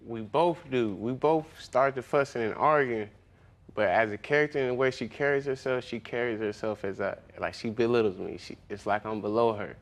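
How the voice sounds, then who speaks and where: A man's voice: medium pitch, normal speed. A young man speaking casually in his testimony on a courtroom TV show, rambling with lots of fillers and slang. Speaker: litigant.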